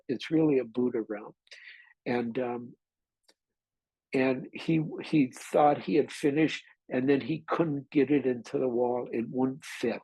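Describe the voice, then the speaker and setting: A man's voice: mid-range voice, dark tone, breathy edge, no room sound, rough recording. A man, a meditation teacher, giving an informal dharma talk and telling a candid, rambling story with mild swearing.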